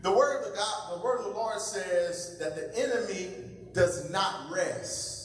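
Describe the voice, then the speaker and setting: A man preaching a sermon as pastor, with call-and-response lines to the congregation, swinging between loud calls and low asides. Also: unhurried. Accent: American. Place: large church sanctuary. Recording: echoey hall from far off.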